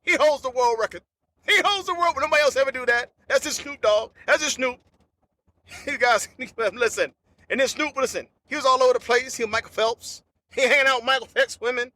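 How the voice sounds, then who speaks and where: Guy with a very high voice rambling through an unscripted comedy bit, repeats himself a lot. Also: fairly quick, pushed and bright. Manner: rambling, repetitive slangy storytelling. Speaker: podcast host. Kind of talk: unedited comedic monologue.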